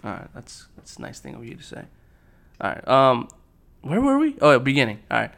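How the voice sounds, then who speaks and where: A young man hosting a casual podcast, upbeat and quick to laugh, easily flustered by his co-hosts. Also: medium pitch, gravelly, a bit bright. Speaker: podcast host.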